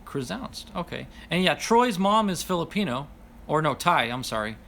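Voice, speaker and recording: A man's voice: fairly high pitch, very animated, moderate pace, vocal fry, pushed and bright, a little hiss or hum. Chatty, apologetic male livestream host. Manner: apologetic, self-deprecating, laughs often. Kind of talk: casual livestream chat, reading viewer comments.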